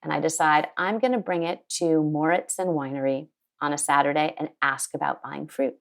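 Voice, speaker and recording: A woman winemaker telling an animated story in an interview, acting out the people she quotes. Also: sits low, a little fast, vocal fry. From United States. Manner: lively, quotes people in put-on voices. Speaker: winemaker guest. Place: her home in Sonoma County.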